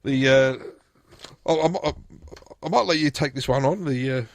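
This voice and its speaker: A man's voice: mid-range voice, measured pace, no room sound. A man presenting a radio show, chatting casually through odd news stories in a rambling, jokey way with lots of restarts. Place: radio studio.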